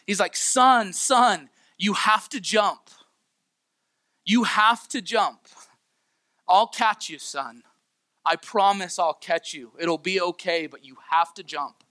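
A male pastor delivers a sermon with earnest, pleading conviction, circling back over his key phrases. His voice sits a little high and rings bright and forceful. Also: smooth.

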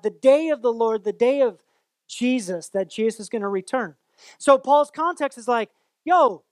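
High-voiced man preaching casually, dry sound. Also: no echo. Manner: casual, conversational preaching with playful asides; acts out quoted voices with exaggerated tones. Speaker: pastor. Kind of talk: sermon.

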